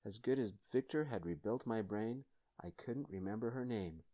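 Soft-spoken man narrating in first person. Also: lowish voice, moderate pace. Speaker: storyteller. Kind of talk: soft-spoken ASMR storytelling.

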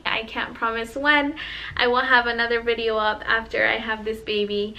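Bright-voiced pregnant woman vlogging. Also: a little high, steady tone, moderate pace, poor audio. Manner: emotional, gushing and sincere. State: heavily pregnant. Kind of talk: casual vlog talk to camera.

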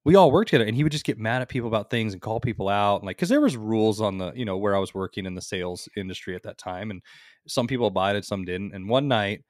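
A man co-hosting a podcast, telling rambling, animated anecdotes in casual chat. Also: lowish voice, fast talker, no room sound, studio quality. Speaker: podcast co-host.

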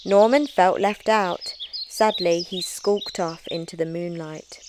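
A woman reading a children's picture book aloud in a slow, expressive storybook way. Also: fairly low pitch, background noise.

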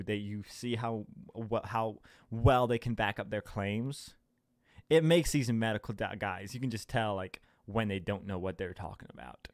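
Here a young podcast host with a mid-range voice goes on a casual solo rant, swearing, being sarcastic and laughing as he talks. The home recording has no echo and sounds studio-grade, and he slips into mocking voices along the way.

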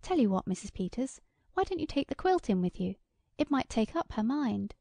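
A woman voicing a rural farm wife who rises into high, excited cries. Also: normal speed, gravelly, dry recording. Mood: brightening.

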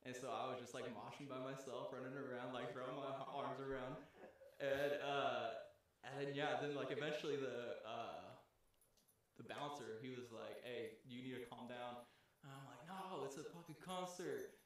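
A man's voice: medium pitch, steady tone, normal speed. A young man hosting a podcast, casually telling a long story among friends, rambling with lots of fillers and swearing. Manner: rambling, filler-heavy, profane. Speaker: podcast host. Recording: very echoey room.

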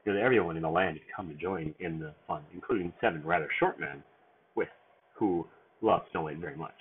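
Low-voiced man reading a bedtime story. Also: fairly quick. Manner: sing-song read-aloud delivery with small stumbles. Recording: tinny phone-like line with faint noise.

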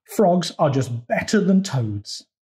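A man voicing a boastful, touchy frog in a picture-book read-aloud, speaking loudly and indignantly. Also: high voice, sing-song, slow pace, pitched above the performer's own voice, full character voice. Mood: cross. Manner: indignant, teasing, loud.

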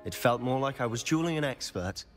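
A man's voice: mid-range voice, lively intonation, brisk, faint music behind, close to an everyday voice. An actor playing a smug young male student. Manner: smug, sly.

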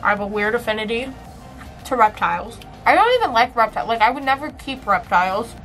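Young woman, casual vlog chat, filler words, fairly high voice, faint music behind. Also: fast, fairly bright tone, poor audio. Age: young adult. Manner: chatty, lots of filler words and laughs. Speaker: vlogger.

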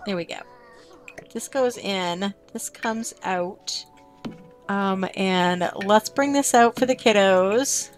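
A woman's voice: mid-range voice, slow, faint music behind. A woman streamer casually commenting on her gameplay, chatting to her game characters and her viewers.

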